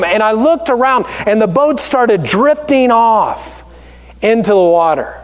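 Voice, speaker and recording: A male pastor preaching a sermon in a church, telling stories in a conversational, animated way. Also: very high voice, normal speed. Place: church sanctuary. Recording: echoey church hall.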